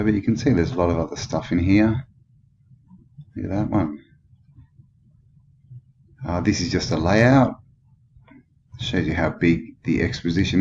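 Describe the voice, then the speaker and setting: Australian male host, low voice, skeptical thinking-aloud commentary, muffled lo-fi track with audible hiss. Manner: musing, skeptical, thinks aloud with many questions. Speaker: channel host. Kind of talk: rambling commentary over old photos. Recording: dull lo-fi with clear background noise.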